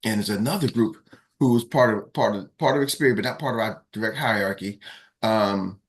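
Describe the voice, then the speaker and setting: A man, a team coach telling a lively story on a morning call, acting out quotes in raised voices. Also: lowish voice, fairly quick.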